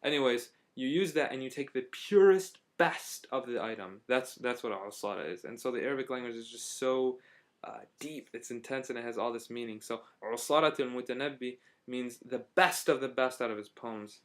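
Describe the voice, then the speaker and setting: A man's voice: medium pitch, moderate pace. A young man from Syria telling a casual spoken travel diary, rambling and hesitant, with frequent fillers and restarts. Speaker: vlogger.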